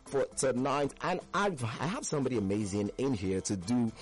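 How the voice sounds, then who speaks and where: A man's voice: mid-range voice, sing-song, moderate pace. A man hosting a playful radio call-in show from the studio, teasing and laughing often.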